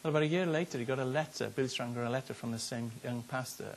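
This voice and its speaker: A man's voice: mid-range voice, quick pace, gravelly, few pauses, slight background noise. An older man, a pastor preaching a sermon in an earnest, conversational way, often repeating his words. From Wales.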